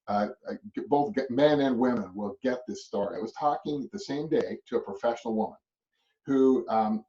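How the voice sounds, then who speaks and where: A man giving a motivational real estate business talk, animated and storytelling, with lots of restarts and tag questions. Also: mid-range voice, recorded from a distance. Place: a web call. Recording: muffled audio from off mic.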